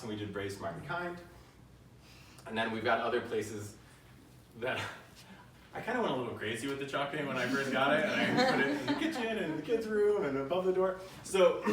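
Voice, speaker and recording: A man's voice: mid-range voice, a bit bright, far from the mic, slight background noise. A man giving a live keynote talk, conversational and asking the audience questions. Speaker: keynote speaker. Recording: echoey room, voice from the mic.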